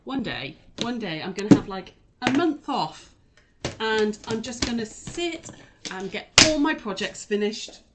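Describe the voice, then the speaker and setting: Speaking unhurriedly in a fairly high, expressive voice, a woman hosts a live quilting demo for her shop, chatty and rambling as she addresses viewers directly. The recording is very noisy.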